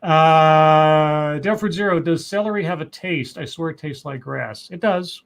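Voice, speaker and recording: Co-hosting a live stream, this man reads out viewer messages and rambles through casual chat, restarting his sentences many times. His voice sits on the high side, creaky, at a measured pace.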